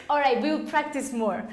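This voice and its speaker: A woman teaching an English class, explaining slowly and patiently and quizzing her students. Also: high-pitched. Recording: echoey classroom.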